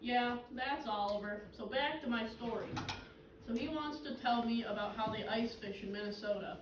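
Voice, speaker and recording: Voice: mid-range voice, moderate pace, natural voice. A young performer playing Carl, a wisecracking middle-aged fisherman who swaps tall tales in a comedy skit. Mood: storytelling. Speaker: actor in a two-person comedy skit. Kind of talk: scripted comedic dialogue. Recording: roomy, distant, noisy stage recording.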